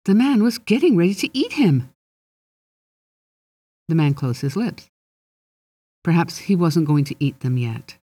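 A narrator reading a children's fantasy story aloud in a steady, gently expressive way. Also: medium pitch, a little slow, pauses often, breathy edge, no echo. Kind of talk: audiobook narration.

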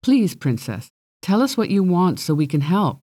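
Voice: mid-range voice, sing-song, normal speed, warm tone, husky, pitched above the performer's own voice. A reader voicing an eager, earnest young man who blurts out pleas. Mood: pleading. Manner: pleading, blurting.

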